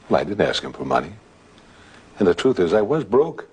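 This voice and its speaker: A man telling a ghost anecdote in a relaxed, halting way, with restarts and filler sounds. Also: low voice, husky. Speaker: guest telling a story. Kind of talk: anecdotal storytelling.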